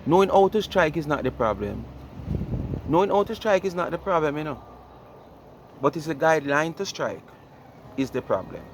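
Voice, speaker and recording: A Jamaican man with a somewhat high voice explains his point at length in casual commentary, lecturing and throwing in rhetorical questions. Faint street traffic hums behind him. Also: very animated, moderate pace, long pauses.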